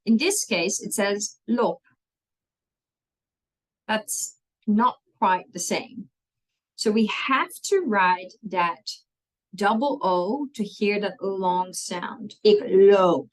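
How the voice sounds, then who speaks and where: A woman teaches a language class at a slow pace, her mid-range voice animated, though the recording quality is low. She walks patiently through each spelling rule in turn and keeps checking in with "okay?".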